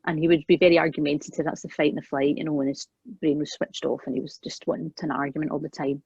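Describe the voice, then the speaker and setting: A woman guest in an interview, earnestly telling a personal parenting story and acting out the quoted lines, often trailing off softly. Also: sits low, flat delivery, quick pace, vocal fry, slightly rough, no room sound. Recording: dull, dry, lo-fi sound.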